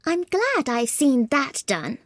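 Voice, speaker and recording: A prim, earnest young girl speaks in a bright falsetto far above a man's voice, as a male narrator puts her on. Her lines come out well-mannered but firm. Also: wildly swooping pitch, takes it slowly, no room sound, studio quality, exaggerated voice. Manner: prim and earnest, turning bold. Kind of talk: audiobook character voice.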